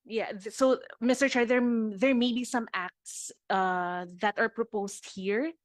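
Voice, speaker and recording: A woman's voice: on the high side, unhurried, no room sound. Hesitant Filipino woman testifying. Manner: hesitant, with repeated restarts. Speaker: government department representative. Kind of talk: formal testimony at a hearing.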